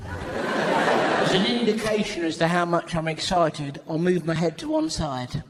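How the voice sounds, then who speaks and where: A man voicing a cocky, rude male pet dog in curt, deadpan asides. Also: a little high, unhurried. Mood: deadpan bossy. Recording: roomy live recording with loud audience noise.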